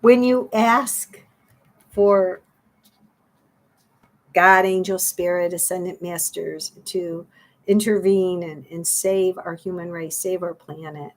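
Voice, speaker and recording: A woman's voice: on the low side, a little hiss or hum, poor audio. A middle-aged woman giving a spiritual card reading to her viewers, earnest and pleading, repeating her phrases.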